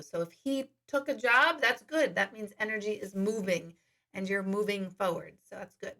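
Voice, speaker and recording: A woman's voice: medium pitch, moderate pace, fairly bright tone. A woman working as an intuitive medium, chatting casually on a live stream, reading viewer questions aloud and laughing often.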